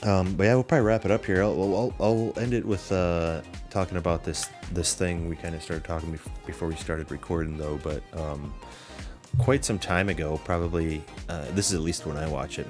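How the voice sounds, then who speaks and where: A man hosting a podcast, telling a long story in a loose, rambling way with lots of fillers and swearing. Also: very deep voice. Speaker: podcast host. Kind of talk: casual chat.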